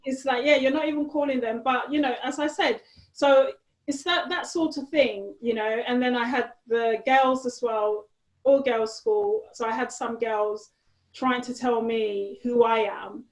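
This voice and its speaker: A woman guest telling her story in a conversational interview, animated and peppered with "you know". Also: on the high side, measured pace. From Nigeria. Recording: echoey room.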